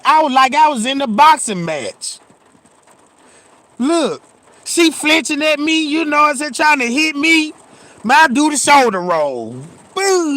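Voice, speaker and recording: A middle-aged man telling a comic story in a casual, profane, animated way, acting out scenes and checking in with his listeners. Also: extremely high pitch.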